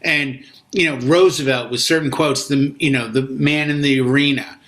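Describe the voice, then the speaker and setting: Bright-voiced man from Boston. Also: mid-range voice, steady tone, moderate pace. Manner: expansive, quotes famous orators. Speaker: co-host. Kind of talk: casual panel chat.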